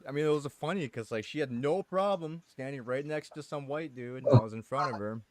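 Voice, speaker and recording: A man's voice: mid-range voice, a little fast, dry recording. A man streaming from home, chatting casually and laughing between sentences as he tells a story. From United States. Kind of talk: casual storytelling while gaming.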